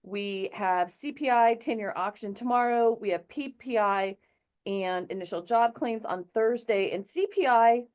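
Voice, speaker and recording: A middle-aged woman hosting a show, chatty and quick to laugh in casual talk. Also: medium pitch, a little mellow. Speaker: show host. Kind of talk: casual chat.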